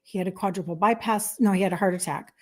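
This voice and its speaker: A woman's voice: mid-range voice, fast talker. A woman in her fifties from Minnesota, a health coach chatting casually on a livestream, reading viewer comments aloud in an earnest, apologetic way. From Minnesota, USA. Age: 50s. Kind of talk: casual live-stream chat.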